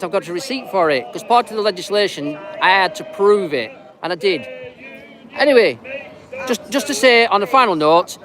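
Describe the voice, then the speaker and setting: High-voiced man filming a live street vlog. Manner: teasing, rambling, chatty. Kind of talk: casual street chat to camera. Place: outdoors on a busy street. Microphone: handheld camera. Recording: outdoor crowd noise. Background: crowd noise.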